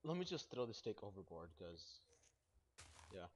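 A young man hosting a casual gaming video, goofy and excitable, rambling as he plays. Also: lowish voice, normal speed, a little hiss or hum. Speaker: host. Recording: dull lo-fi mic.

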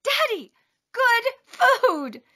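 A woman voicing a small cheeky girl in a storybook, whiny and pleading, with a lively high voice. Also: extremely slow, exaggerated voice. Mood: eager.

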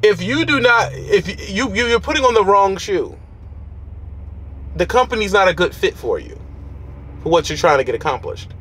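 A man's voice: sits high, lively intonation, moderate pace, pauses often, a bit bright, husky. A man who drives a truck, giving blunt, preachy advice in street slang from his truck cab. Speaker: trucker vlogger.

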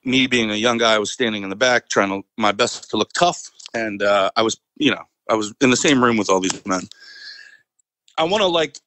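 A man's voice: fairly low pitch, fairly quick, pushed and bright, dry recording, rough recording. A man, a military veteran and podcast guest, telling a story casually with many fillers and frequent chuckles. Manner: rambling, fillers, chuckles often.

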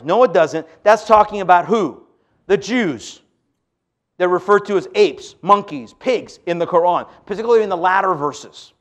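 A man giving an emphatic sermon-style lecture to an audience, asking rhetorical questions. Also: high voice. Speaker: speaker on religion.

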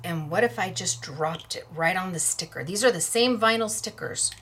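A woman's voice: on the low side, moderate pace, background noise. Lady chatting through a craft demo, playful and easygoing, talks as she works. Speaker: crafting class host. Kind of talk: casual crafting demonstration.

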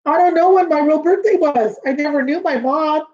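A woman's voice: sits high, normal speed, darkish tone, lo-fi sound, close to an everyday voice. A woman reading as a sad young pound dog.

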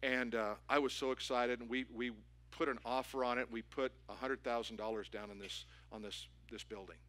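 Male pastor, sermon storytelling, animated and punchy; crisp bright tone. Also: mid-range voice, brisk. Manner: animated storytelling with rising excitement. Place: church auditorium.

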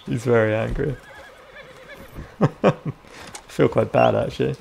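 A young man chatting casually over his gameplay, reacting out loud and swearing freely. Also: medium pitch, a little slow, creaky, pauses often, a little hiss or hum. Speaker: gaming video creator.

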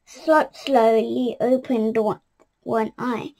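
A woman's voice: on the high side, fairly even intonation, slow, gravelly, warm tone. A woman reading a children's picture book aloud, careful and with small restarts. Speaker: storyteller.

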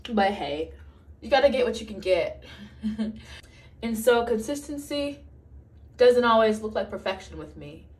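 A woman's voice: a little high, expressive, a little slow, long pauses, breathy edge, poor audio. A young woman chatting playfully to camera in a casual vlog, often from her car. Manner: chatty and playful, bursts into song. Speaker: vlogger.

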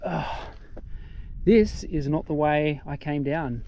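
A young man with an Australian accent talks to his handheld camera outdoors on a mountain, a bit out of breath. His voice sits slightly high, and he rambles through self-mocking asides. A faint hiss of noise runs under the audio. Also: slow pace, mellow, highs cut off. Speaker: travel vlogger. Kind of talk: casual travel vlog.

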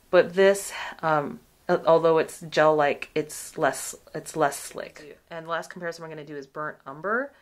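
A woman beauty vlogger chatting casually through a product review, with lots of fillers and asides. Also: sits low.

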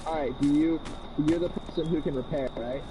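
A man in casual gameplay chat, giving quick callouts and directions to his teammate. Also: a little high, warm tone, slight background noise, low-quality recording. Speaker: teammate in the game. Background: game music.

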